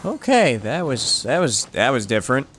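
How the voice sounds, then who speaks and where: A man's voice: mid-range voice, very animated, moderate pace, background noise. A man hosting a gaming channel, giving playful, jokey let's-play commentary.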